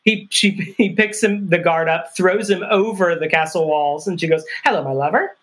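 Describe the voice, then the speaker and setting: A woman co-hosting a casual movie discussion, wry and quick to laugh, often trailing off mid-thought. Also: lowish voice, fairly even intonation. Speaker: podcast co-host.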